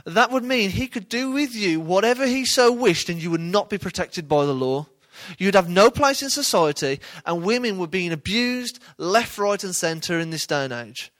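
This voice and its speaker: A man's voice: high voice, animated, moderate pace, few pauses, fairly bright tone. A man giving informal Bible teaching in a conversational way, often checking in with his listeners. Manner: conversational, questioning the audience.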